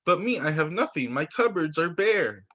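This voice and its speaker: A man voicing a big, gentle, humble bear in a storybook, fretful and sighing. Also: a little high, sing-song, moderate pace. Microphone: video call.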